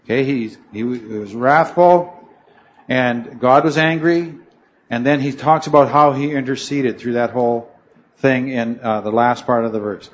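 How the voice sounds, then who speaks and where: Captured with lo-fi sound in a room with a loud fan, a man teaches a Bible study class in an unhurried, mid-range voice. His talk wanders, he fixes his wording mid-sentence, and he poses questions to the students.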